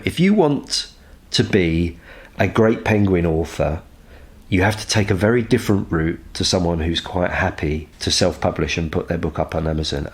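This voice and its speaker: Deep-voiced male publishing consultant. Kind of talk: advice talk.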